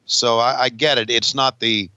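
A man with a bright, forceful voice co-hosts a wrestling podcast, often restarting his sentences. The sound is dull and lo-fi, and dry without any room echo. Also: mid-range voice, flat delivery, clear, resonant tone. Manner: halting restarts, drawled asides. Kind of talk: casual profane banter.

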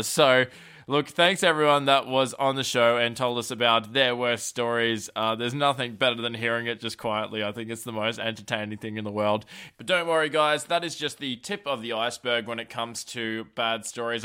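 Bright, clear-voiced podcast host. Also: male voice, mid-range voice. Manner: chatty, direct to listeners. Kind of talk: casual podcast outro.

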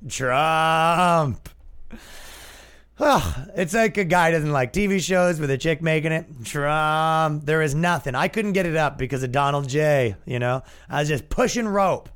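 A man's voice: a little high, expressive, moderate pace, few pauses. A young man with a Canadian accent, hosting a comedy podcast in a crude, sarcastic, rambling rant. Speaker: podcast host.

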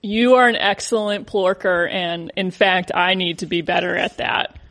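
A woman's voice: on the low side, fairly even intonation, normal speed, a bit bright. A woman co-hosting a podcast, answering in a dry, playful way and laughing easily. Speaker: podcast co-host. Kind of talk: casual chat.

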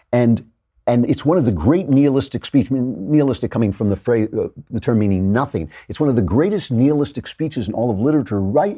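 A middle-aged man with a husky, low voice delivers a commentary monologue, his pitch swinging widely as he gets animated. He slips into theatrical readings of verse with dramatic pauses. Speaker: podcast host.

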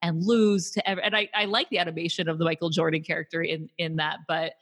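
Woman podcast co-host, lower pitch, animated storyteller recapping a film. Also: fast, breathy edge. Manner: animated retelling with laughter. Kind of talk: casual movie discussion.

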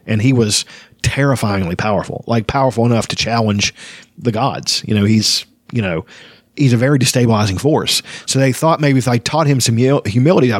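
A man's voice: mid-range voice, dry recording, studio quality. A man hosting a casual book talk, rambling with frequent restarts. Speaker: podcast host discussing a fantasy novel. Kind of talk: casual chat and reading aloud.

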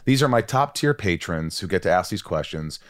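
A man hosting a podcast, reading listener questions rapid-fire in casual chat. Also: sits low, expressive, no echo, clean studio sound. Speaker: podcast host.

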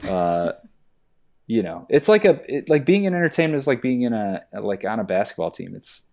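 A man's voice: mid-range voice, normal speed, creaky. A man, an actor, chatting casually and acting out stories in mocking voices. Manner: animated storytelling, acts out exchanges in mocking voices. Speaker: actor on a podcast. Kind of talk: casual chat.

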